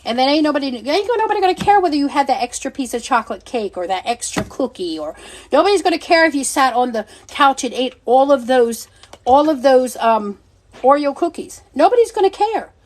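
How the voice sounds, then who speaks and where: A middle-aged woman with a high, bright-sounding voice hosts a casual livestream. She talks bluntly and with lots of energy, swearing freely and laughing often as she chats with her viewers. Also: very animated, fairly quick. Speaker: livestream seller and host.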